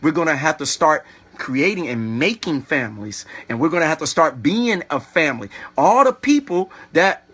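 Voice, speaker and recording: A man giving a motivational talk to his online viewers, preachy and animated, who keeps asking "all right?" and telling them to think about it. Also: a little high, normal speed. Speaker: online video host.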